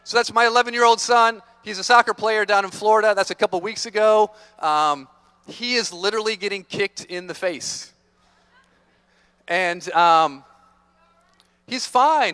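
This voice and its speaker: Playful, energetic male motivational speaker. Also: sits high, clean tone. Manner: energetic, playful, teases the audience. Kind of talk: motivational talk to students. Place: large conference hall.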